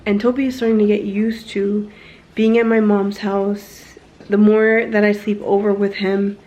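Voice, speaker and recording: Young woman, casual at-home vlogger talking to her phone, slow and unfiltered with plenty of fillers. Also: medium pitch, flat delivery, mellow. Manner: frank and unfiltered, swears casually; rambling with fillers and self-corrections. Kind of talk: candid personal vlog.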